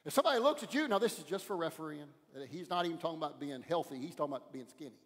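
A male pastor preaching a sermon in a church, pressing his points hard and often dropping his voice low. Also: lively intonation, racing, fairly bright tone, in a large hall. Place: church sanctuary.

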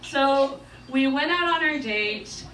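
High-voiced woman comic, echoey room. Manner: animated, self-deprecating, quick asides. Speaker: stand-up comedian. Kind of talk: stand-up comedy storytelling. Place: comedy club stage. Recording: echoey club, distant mic, noisy.

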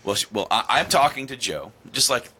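A man's voice: mid-range voice, animated, fairly quick, sharp tone, slight background noise. A man on a podcast telling a long story in casual chat, acting out the quotes and laughing at them. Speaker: podcast host.

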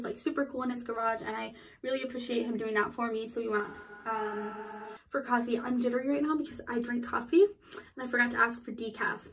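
A young woman vlogging casually about her week, talking candidly and a bit anxiously into her phone. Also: on the high side. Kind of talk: casual travel vlog. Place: city streets and indoors. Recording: music playing loud underneath.

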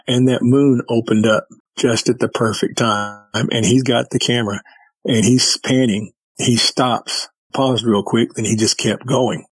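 Man, husky voice, medium pitch, casual storytelling guest, acts out dialogue. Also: steady tone, unhurried, no room sound, poor audio. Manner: vivid retelling with quoted dialogue.

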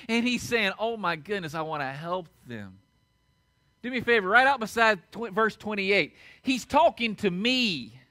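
A middle-aged male pastor preaching a sermon in a church sanctuary, swinging from loud emphatic peaks down to hushed, low passages. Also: no echo. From United States.

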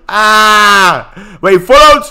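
Brief: theatrical male streamer, high bright voice, slow drawn-out delivery. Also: noisy background. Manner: loud and theatrical, shouting and laughing. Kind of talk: casual live-stream chat.

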